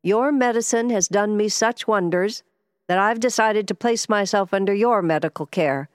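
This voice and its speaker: A woman's voice: mid-range voice, moderate pace, no room sound, clean studio sound, close to an everyday voice. A woman reading the part of an ailing older man who owns a yacht, speaking courteously and a little wearily. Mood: earnest. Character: ailing older male yacht owner, polite.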